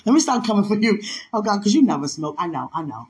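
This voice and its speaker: High-pitched dc guy on a stream, laughy, animated, drops into little voices. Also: moderate pace. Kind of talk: casual storytelling chat.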